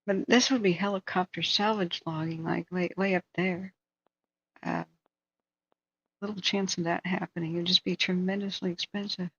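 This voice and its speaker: A woman's voice: fairly low pitch, steady tone, moderate pace, a bit bright, husky. Lady host rambling and telling stories off the cuff, kinda muffled lo-fi audio. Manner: rambling, thinking aloud, storytelling. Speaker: livestream host. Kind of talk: casual live commentary. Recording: dull, dry lo-fi sound.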